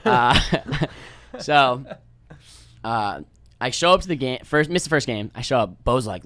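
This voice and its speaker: A man's voice: mid-range voice, lively intonation, unhurried, a bit bright, dry recording. A young man from New York, a podcast guest telling rambling, laid-back stories and swearing freely. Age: young adult. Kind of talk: casual storytelling chat.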